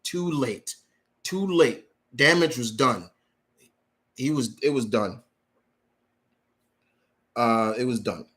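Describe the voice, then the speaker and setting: A man's voice: medium pitch, slow pace, long pauses, a bit bright. A man hosting a live question-and-answer stream, ranting in a profane, heated way, repeating himself for emphasis and reading viewer questions aloud. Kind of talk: unscripted live-stream rant.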